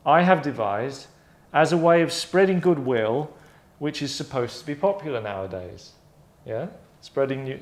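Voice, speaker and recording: Man, rambling casual monologue, asides and self-corrections, mid-pitched voice, roomy echo. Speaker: host presenting his own game idea. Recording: echoey room.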